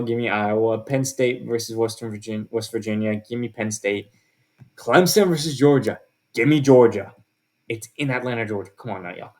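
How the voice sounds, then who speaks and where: A man's voice: medium pitch, a little mellow. A man talking casually through his football predictions, with lots of fillers and restarts. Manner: chatty, with many fillers and restarts. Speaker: sports video host.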